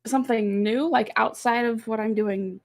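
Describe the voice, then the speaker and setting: A woman from Texas, a voice actor and podcast guest, chatting casually about her work, talking in quick bursts and laughing often. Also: a little high, fairly even intonation, a little mellow.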